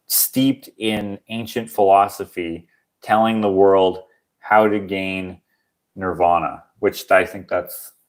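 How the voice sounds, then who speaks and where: A young man with a fairly low voice hosts a casual livestream chat. He rambles from joke to joke and reads viewer comments aloud in a relaxed, easygoing way. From Canada. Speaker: livestream host.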